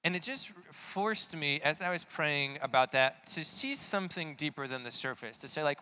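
A man's voice: on the high side, animated, normal speed, hardly any pauses, sharp tone, clear, resonant tone. A man giving a conversational sermon, asking many rhetorical questions. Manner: casual, full of rhetorical questions. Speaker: preacher.

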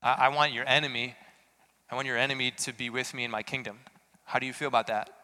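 Bright, clear-voiced man preaching in a hall. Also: mid-range voice, steady tone, fast. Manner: earnest, questioning, rises to emphatic peaks. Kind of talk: sermon.

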